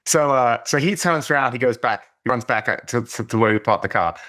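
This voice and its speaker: A middle-aged Englishman hosts a podcast, his medium-pitched voice slightly quick and a touch bright. He tells a loose, rambling story, constantly interrupting himself and starting over.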